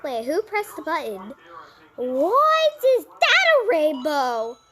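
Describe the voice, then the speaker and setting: A young woman commentating her gameplay aloud, excitable, squealing and giggling at every surprise and narrating each event as it happens. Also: sits high, measured pace, over music. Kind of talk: excited let's-play commentary.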